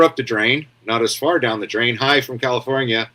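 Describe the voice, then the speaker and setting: A man's voice: medium pitch, animated, moderate pace, few pauses, pushed and bright. A man hosts a casual news commentary stream in a loose, rambling way. He is blunt and offhand, and he answers viewer comments as he talks. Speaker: commentary show host.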